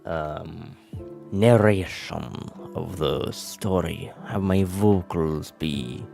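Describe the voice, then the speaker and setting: A man's voice: sits low, vocal fry, warm tone. A man streaming, rambling and mocking himself in casual chat before reading scripture aloud. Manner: rambling, self-mocking, trails off into murmurs.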